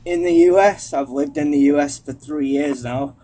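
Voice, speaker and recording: A man's voice: on the high side, steady tone, moderate pace, warm tone. A man from England with a Yorkshire accent, calling into a live stream and telling his story in an easygoing way. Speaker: caller. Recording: faint background noise.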